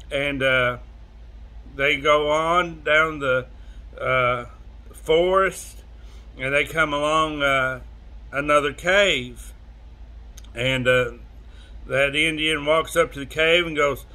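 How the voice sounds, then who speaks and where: A man tells a joke in an unhurried, drawn-out way, stopping often to fill the gaps with "uh". His voice sits slightly high for a man. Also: sharp tone. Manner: slow, drawn-out delivery full of "uh" pauses. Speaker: joke teller. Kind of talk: telling a joke.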